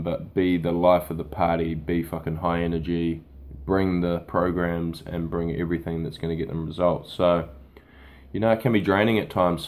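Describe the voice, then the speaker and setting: Low flat-voiced trainer guy, blunt and sweary, just winging it to camera. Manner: blunt, swears often, casual. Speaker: boot camp fitness trainer. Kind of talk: unscripted talk to camera.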